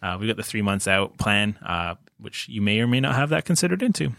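A man's voice: on the low side, big pitch swings, fairly quick, vocal fry, fairly bright tone, no echo. A man co-hosting a casual podcast, reading listener questions aloud and answering them in an easygoing way. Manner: easygoing, agreeable, laughs along. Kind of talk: casual chat.

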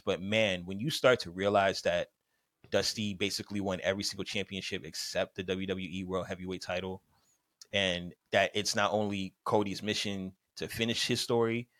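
A man's voice: deep voice, normal speed, dry recording. A man co-hosting a casual podcast, arguing his case point by point in a debate. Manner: animated, argues point by point in numbered reasons. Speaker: podcast co-host.

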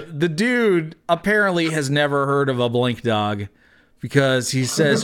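A man's voice: fairly high pitch, takes it slowly, pauses often, fairly bright tone, clean tone. A man narrating as dungeon master, full of fillers and laughter. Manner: laughing often, many fillers. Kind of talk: narrating a tabletop game.

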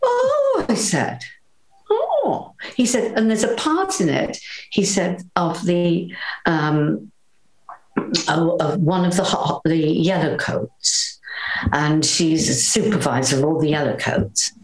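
An older Welsh actress telling lively anecdotes in an interview, acting out the voices she quotes. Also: deep voice, slow, reverberant, rough recording. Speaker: actress guest.

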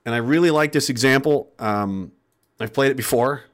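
A man's voice: mid-range voice, normal speed. A man speaking to his viewers in an impassioned, profane, rambling monologue. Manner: profane, rambling, fervent, with restarts. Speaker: online commentator.

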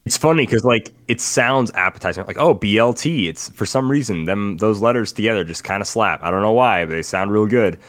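A man's voice: fairly low pitch, a little fast, hardly any pauses, a bit bright. A man hosting a casual podcast, chatty and rambling, laughing often as he reads out listener questions. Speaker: podcast host. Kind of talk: casual chat.

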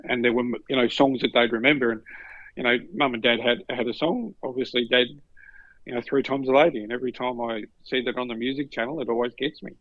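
A man's voice: mid-range voice, quick pace, creaky, no echo. Storytelling Australian man, dull dry sound. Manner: animated, acts out other voices in stories. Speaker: podcast guest. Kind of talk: casual storytelling.

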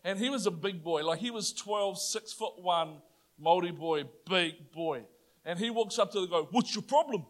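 A New Zealand man preaches a sermon, his voice sitting high for a man. He tells a story with animated, playful energy and climbs to loud, triumphant declarations. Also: normal speed.

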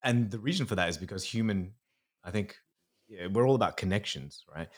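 This psychologist, a podcast interview guest, has a fairly low-pitched voice and a brisk delivery. Earnest and explanatory, he now and then acts out inner voices.

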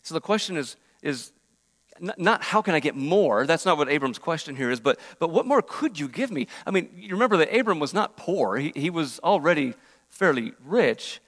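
A man preaching a sermon in earnest, at times dropping his voice very soft for quoted prayers. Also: on the high side, expressive, moderate pace. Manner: earnest, varies loudness, drops to near-whispers on prayers. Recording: reverberant hall.

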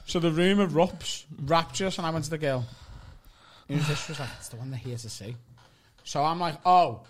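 A man, a guest comedian telling a comic story in an animated way, often asking "right?" and acting out what people said. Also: fairly high pitch, brisk. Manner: animated, keeps asking "right?", acts out quotes.

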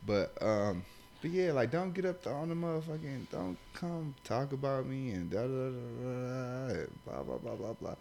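A young man with a Los Angeles accent talks in a loose, profane way. He rambles through stories in casual chat, with plenty of asides. His voice sits at a middle pitch. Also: expressive, moderate pace, vocal fry, a little mellow, slight background noise.

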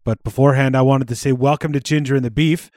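A man's voice: mid-range voice, steady tone, quick pace, darkish tone, dry recording, studio quality. A man hosting a comedic podcast, telling rambling stories, laughing often and joking crudely. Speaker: podcast host. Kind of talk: casual comedic podcast chat.

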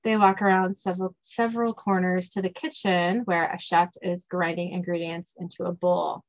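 A woman's voice: fairly low pitch, level tone, normal speed. A woman hosting a podcast, reading out a scene-by-scene story recap in a casual way and laughing and stumbling over words now and then. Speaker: podcast host.

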